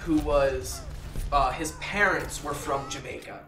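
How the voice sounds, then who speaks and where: A man's voice: a little high, measured pace. Male gaming host, casual rambling chat, echoey room, distant mic. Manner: rambling, with many fillers and restarts. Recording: roomy echo, distant mic.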